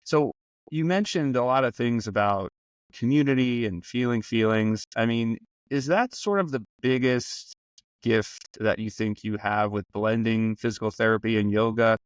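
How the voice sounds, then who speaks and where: A man's voice: medium pitch, normal speed, no echo. A man co-hosting a podcast, chatting casually and teasing his co-host before asking the guest a question. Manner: friendly, teasing. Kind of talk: casual interview chat.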